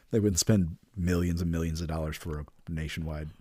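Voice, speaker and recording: A middle-aged man with a very low, husky voice chats casually on a podcast in a wry, laid-back way, chuckling often. The sound is dry and close to the mic. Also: darkish tone, dry recording. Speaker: podcast co-host. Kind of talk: casual chat.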